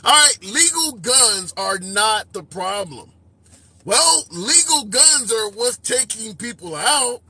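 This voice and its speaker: A man's voice: sits high, very animated, slow pace, pushed and bright, husky, dry recording. A man hosting a live call-in show, arguing pointedly with a caller and then reading out viewer comments. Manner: pushes back hard, then reads comments and asks for likes. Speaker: host.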